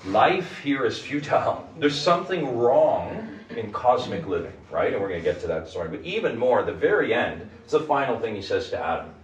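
A man leads a group Bible study in a room with a small group, teaching emphatically and repeatedly posing questions to them. His mid-range voice is sing-song and a little fast with hardly any pauses, recorded from a distance in an echoey room.

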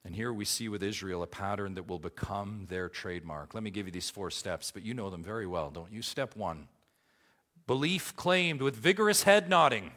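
A man preaching a sermon as pastor, emphatic, with big swings between soft low passages and loud high ones. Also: fairly quick, hardly any pauses. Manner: emphatic preaching with wide swings in pitch and loudness.

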